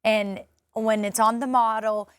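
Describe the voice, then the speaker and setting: A woman's voice: on the high side, level tone, unhurried, fairly bright tone, clean tone, no room sound, studio quality. A woman from Arkansas with a Southern accent, chatting playfully and giving strong opinions as a morning show co-host. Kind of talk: casual chat.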